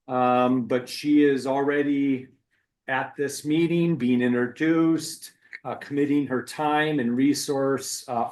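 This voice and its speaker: A man chairing a board meeting, speaking haltingly with many uhs. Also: mid-range voice, a little mellow, rough recording. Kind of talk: thanking remarks at a meeting.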